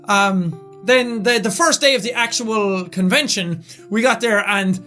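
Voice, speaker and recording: A young man with a raspy, strained voice, excitedly recapping events in a casual vlog. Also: sits high, a little slow, faint music behind. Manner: loud, excitable talker. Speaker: YouTuber.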